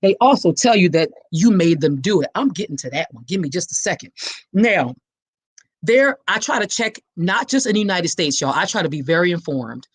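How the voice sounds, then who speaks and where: A woman's voice: fairly low pitch, very animated, moderate pace, husky, no echo. A woman hosting a live awareness talk, preaching straight to her listeners with passion. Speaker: podcast host and survivor advocate. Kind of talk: live-streamed awareness talk, reading comments.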